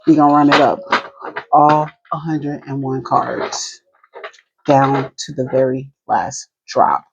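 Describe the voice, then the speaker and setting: A woman with a New Jersey accent doing an intuitive tarot reading at a slow, unhurried pace. She muses aloud over each card and talks directly to spirit. There's a clear hiss of background noise under her voice. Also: very deep voice, fairly even intonation, lo-fi sound. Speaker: tarot reader.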